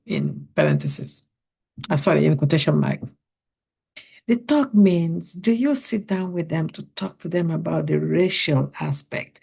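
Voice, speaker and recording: A woman's voice: sits low, gravelly, darkish tone, breathy edge. A middle-aged woman from Africa hosting a podcast, speaking earnestly and putting question after question to parents. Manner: earnest, poses many questions to listeners. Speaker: podcast host.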